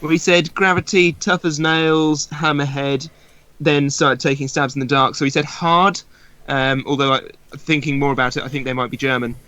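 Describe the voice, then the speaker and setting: A man taking part in an online quiz among friends. His voice is bright and a little high, and he reads out his answers with dry, joking asides. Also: steady tone, moderate pace, no room sound, lo-fi sound. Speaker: quiz contestant. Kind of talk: casual chat on a video call.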